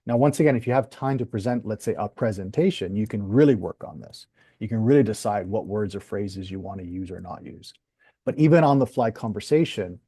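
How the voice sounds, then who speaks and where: A man teaching a workshop as a communication coach, calm and measured, acting out sample phrases. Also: mid-range voice, slightly rough, no room sound, clean studio sound.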